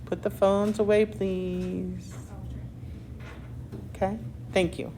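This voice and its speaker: A woman teaching algebra to a classroom, talking through each step at an unhurried, deliberate pace. Her voice sits at a middle pitch, and she drops in wry comments about herself between problems. A faint hum of the room sits underneath. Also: flat delivery, dark tone. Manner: slow, patient step-by-step explaining; self-deprecating asides. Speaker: math teacher.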